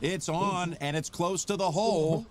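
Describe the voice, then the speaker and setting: A man voicing a calm male golf video game announcer who makes brief play-by-play calls. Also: high voice, measured pace, background noise.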